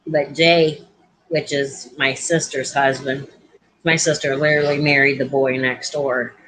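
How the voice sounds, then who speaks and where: A woman's voice: very deep voice, level tone, measured pace, fairly bright tone, breathy edge, low-quality recording. A woman who works as a nurse, telling a story bluntly in casual chat, full of swearing and acted-out quotes. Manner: blunt and profane, acting out quoted voices.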